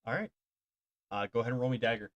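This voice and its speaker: A man's voice: mid-range voice, fast talker, a bit bright, muffled recording. A man running a tabletop game as dungeon master, talking casually, laughing and swearing a little.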